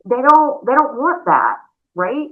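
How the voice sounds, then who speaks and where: A woman giving a conversational sales training talk, chatty and animated, calling her listeners y'all. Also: high-pitched, slow pace. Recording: narrow phone-like sound.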